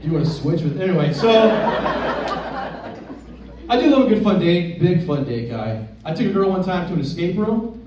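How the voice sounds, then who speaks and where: Lively young man doing stand-up. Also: sits high, moderate pace, long pauses, distant mic, a little hiss or hum. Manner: crowd work, laughing at his own jokes. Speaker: stand-up comedian. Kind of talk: stand-up set. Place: comedy club stage. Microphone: handheld stage mic. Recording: roomy club sound, audience laughter.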